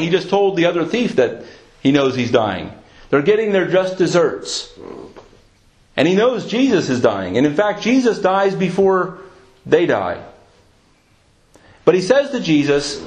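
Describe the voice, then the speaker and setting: A man preaching a sermon, earnest and emphatic, slowing down to stress key lines and reading scripture aloud. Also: a little high, poor audio. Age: adult with a young son.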